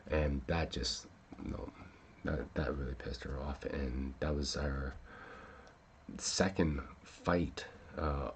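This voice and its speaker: A man's voice: a bass voice, steady tone, takes it slowly, a little hiss or hum. A man hosting a casual talk show, rambling with many fillers and restarts and swearing when upset. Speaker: podcast host.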